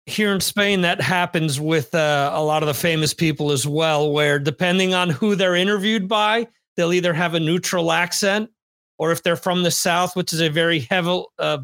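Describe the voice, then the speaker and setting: Dry-voiced podcast host, fairly high. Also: male voice, normal speed, fairly bright tone, no room sound. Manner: rambling, many restarts and fillers. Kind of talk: casual chat.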